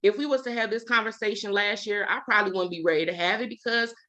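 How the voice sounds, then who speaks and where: A middle-aged woman, a podcast guest, telling her personal story in a lively, earnest, conversational way. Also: medium pitch, fast. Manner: lively, acts out quoted dialogue; earnest, testimonial. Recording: dull lo-fi podcast audio.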